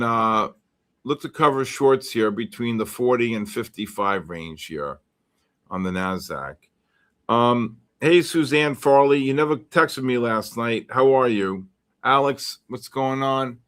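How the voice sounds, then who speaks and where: A man's voice: mid-range voice, measured pace, fairly bright tone, clean tone. A man hosting a live futures trading stream, chatting through charts and viewer messages in a rambling way with many fillers. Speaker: futures trading livestream host. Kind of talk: live trading commentary reading viewer chat.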